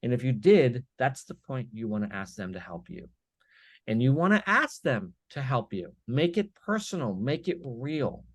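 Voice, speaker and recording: A man speaking as a guest on a business podcast, with energetic, emphatic storytelling full of quick "right?" tags. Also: mid-range voice, no echo. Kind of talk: podcast interview.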